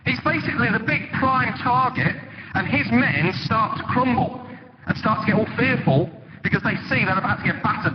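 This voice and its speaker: A man preaching a sermon in a church, conversational and animated, telling stories with sudden dramatic emphasis. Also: high-pitched. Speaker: pastor. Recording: dull, lo-fi with loud background noise.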